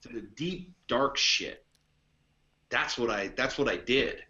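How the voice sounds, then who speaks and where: A blunt, foul-mouthed man speaks as a podcast guest, hammering his points home. His voice is bright and forceful. The audio is dull and lo-fi. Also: mid-range voice, takes it slowly. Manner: blunt, profane, emphatic. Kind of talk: casual conversation.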